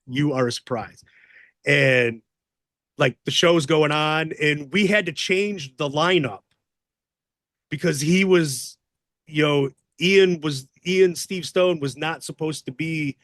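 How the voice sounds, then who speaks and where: High, bright-voiced man telling wild road stories. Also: takes it slowly, no echo, clean studio sound. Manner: profane, excitable storyteller acting out others' voices. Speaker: wrestling guest telling stories. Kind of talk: casual storytelling interview.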